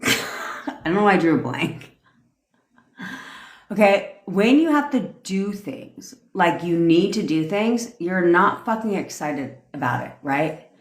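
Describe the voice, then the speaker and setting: A woman's voice: fairly low pitch, lively intonation, slow, long pauses. Profane, hyped-up woman coach in an echoey room. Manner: reads out and cheers viewer comments. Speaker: manifestation coach. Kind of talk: livestream rant.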